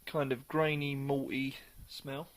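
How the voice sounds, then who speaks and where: A man reviewing a beer in a casual, chatty way, sometimes pausing to search for the right words. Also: medium pitch, flat delivery.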